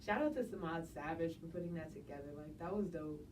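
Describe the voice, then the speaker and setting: A young woman from New Jersey, guest artist in a casual interview, laid-back and quick to laugh, saying "like" a lot. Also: low voice. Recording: distant mic with faint noise.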